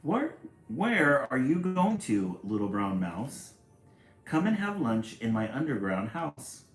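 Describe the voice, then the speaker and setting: A sly, hungry storybook fox, read by a man, coaxing with a lively rise and fall. The pace is slow and the sound carries an echoey room. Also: mid-range voice, soft background music.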